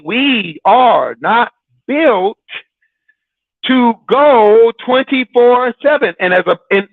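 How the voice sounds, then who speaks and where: A man's voice: very high voice, dry recording, narrow, tinny audio. A man hosting a Christian broadcast, preaching in a casual, teasing way with dramatic repetition and frequent laughs. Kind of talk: sermon-like casual talk.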